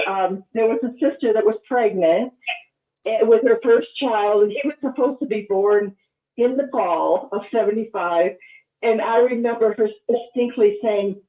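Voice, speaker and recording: Older woman on a tinny phone call. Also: a little high. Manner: earnest, recalls the past with many ums. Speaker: caller. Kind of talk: call-in show chat. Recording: tinny phone line, echoey.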